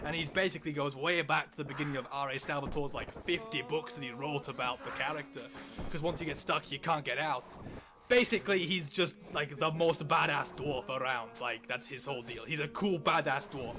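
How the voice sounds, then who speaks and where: A man's voice: fairly high pitch, brisk, over music. A man co-hosting a casual podcast, enthusiastically explaining fantasy lore with many "like"s. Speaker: podcast co-host.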